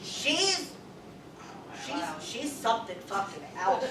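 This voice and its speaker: A woman psychic medium talking to a live audience, loud, rambling and full of cursing. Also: on the high side, sing-song, slow pace, heavy background noise. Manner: loud, profane, rambling storyteller. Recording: echoey room, far from the mic.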